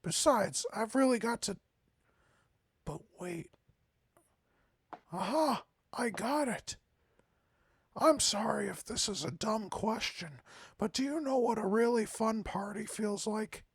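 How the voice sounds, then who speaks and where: A nervous female pony author, stammering and fond of long words, as a man puts her on. The voice is husky and gravelly, recorded dry and close. She sounds skittish and wordy. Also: sits high, animated, slow pace, long pauses, dry recording, pitched above the performer's own voice, heavily acted. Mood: eager. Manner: timid, stammering, fancy words. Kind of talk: reading game dialogue aloud.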